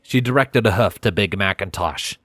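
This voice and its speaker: A man narrating a fanfiction audiobook in the first person, with a measured storytelling delivery. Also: on the low side, a bit bright, dry recording, clean studio sound.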